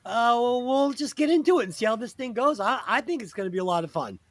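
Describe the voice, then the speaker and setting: A man's voice: very high-pitched, animated, quick pace, dry recording. A man hosting a podcast, joking crudely and laughing often. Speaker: podcast host. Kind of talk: casual podcast banter.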